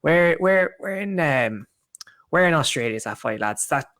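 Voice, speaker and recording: A man's voice: a little high, expressive, moderate pace, fairly bright tone, dry recording. A man on a podcast, rambling in a casual way, often restarting his sentences and swearing now and then. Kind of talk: casual chat.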